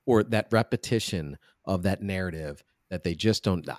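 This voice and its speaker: A man hosting a podcast interview, speaking earnestly in a halting way with many restarts. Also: deep voice, a little mellow, no room sound, clean studio sound. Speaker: podcast host. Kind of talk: conversational interview.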